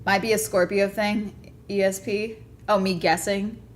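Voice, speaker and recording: A woman's voice: mid-range voice, little pitch movement, measured pace. A woman streamer chatting casually to her viewers, ranting hard and swearing a lot. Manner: ranting, profane, fired up. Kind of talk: casual livestream chat.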